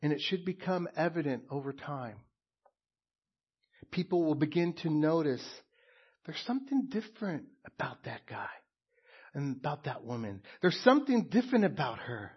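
A man preaching a sermon as a pastor, earnest and emphatic, with pauses and repeated phrases. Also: on the high side, sing-song, slightly rough, muffled recording.

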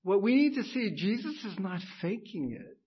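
A man's voice: high voice, big pitch swings, normal speed, breathy edge, muffled recording. A man preaching a sermon as pastor, emphatic and building to fervent exclamations.

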